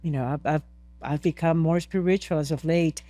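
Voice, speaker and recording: A woman's voice: sits low, steady tone, normal speed, dark tone, dry recording. A woman from Peru, a podcast interview guest, telling a story earnestly and emotionally, with many restarts.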